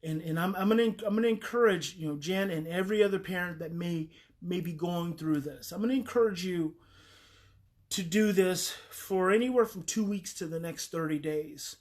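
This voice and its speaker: A woman's voice: fairly low pitch, moderate pace, darkish tone. A woman talking earnestly and emphatically as a parenting advice host, repeating key phrases for weight.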